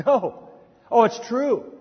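A man preaching a sermon in a church hall, dramatic and swinging from emphatic to hushed, questioning the congregation. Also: very high voice, lively intonation, takes it slowly, husky. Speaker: pastor. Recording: lo-fi sermon recording in a reverberant hall.

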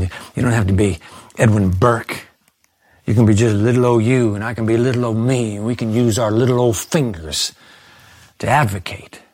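A man preaching a sermon, reading quotations aloud and urging his listeners with animated emphasis. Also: on the low side, slightly rough, dry recording. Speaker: pastor.

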